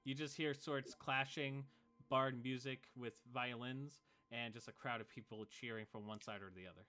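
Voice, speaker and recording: A man's voice: medium pitch, fairly even intonation, normal speed, bright, forceful tone. A man narrating as game master of a tabletop game, in a casual way with fillers.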